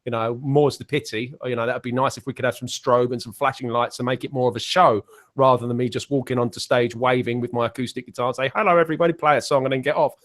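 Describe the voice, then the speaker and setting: A man's voice: medium pitch, little pitch movement, fast talker. English man, rambling self-deprecating chat, video call, many restarts. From England. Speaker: guest musician. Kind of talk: casual online panel chat.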